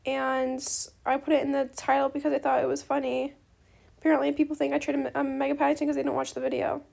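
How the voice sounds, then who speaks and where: A woman with a high, creaky voice chats loosely as she plays a game. She rambles from thought to thought, tosses in slang like bestie and slay, and apologizes and gushes freely. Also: completely flat delivery, fast talker, darkish tone. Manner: apologetic, gushing reactions to other players. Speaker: gaming video creator. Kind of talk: casual chat while playing a game.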